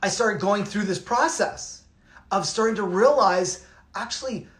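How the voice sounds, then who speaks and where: A man's voice: sits high, unhurried, fairly bright tone, roomy sound. A middle-aged man from Canada, a yoga teacher, talking casually and reflectively, rambling and repeating his phrases with many restarts.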